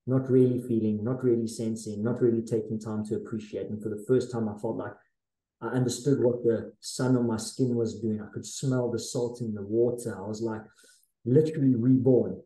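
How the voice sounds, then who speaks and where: A man's voice: mid-range voice, steady tone, moderate pace, dark tone, echoey room, low-quality recording. A man in his forties, a podcast guest, telling a dramatic personal story in a casual, intense way with slang. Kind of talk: storytelling in a conversational interview.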